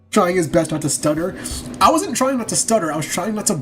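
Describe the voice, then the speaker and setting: A man casually comments on a game as he plays, joking and reacting with bursts of laughter. His voice sits a little high. Game music plays clearly behind him. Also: expressive, quick pace, rough recording. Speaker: streamer.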